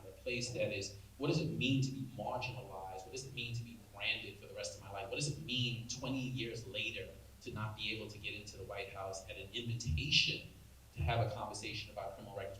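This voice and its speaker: A man in his forties giving a keynote talk, telling a personal story and acting out the voices of the people in it. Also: fairly low pitch. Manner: animated storyteller acting out dialogue, many "like"s. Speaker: national speaker on prison reform. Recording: roomy hall audio from a distance, faint hiss.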